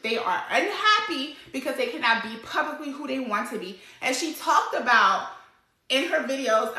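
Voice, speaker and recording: A woman's voice: fairly high pitch, sharp tone, roomy sound, low-quality recording. A woman hosting a vlog, giving casual commentary in a conversational way, often saying "like" and "right?". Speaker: vlog host.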